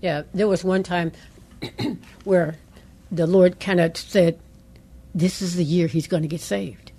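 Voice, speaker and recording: A middle-aged woman on a call-in radio show, her voice low and husky with a dark, mellow tone. She tells her story with animation and acts out the voices she remembers hearing. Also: steady tone, slow. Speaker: pastor's wife and co-host. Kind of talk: call-in radio talk, personal testimony.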